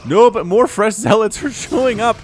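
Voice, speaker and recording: A man casting a real-time strategy match with animated commentary and quick excited bursts. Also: high-pitched, faint music behind. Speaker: StarCraft caster.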